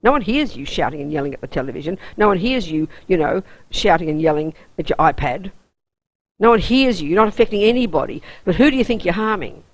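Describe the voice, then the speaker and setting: A woman's voice: on the low side, expressive, fast, no echo, rough recording. An Australian woman, a Buddhist nun, teaching a weekend course in an intense, emphatic, down-to-earth way.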